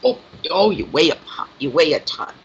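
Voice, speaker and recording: On a live stream, a man who reads tarot rambles casually and coos affectionately at his cat. His voice is on the high side and expressive, at a normal pace. The audio comes through dull and lo-fi under a faint hiss.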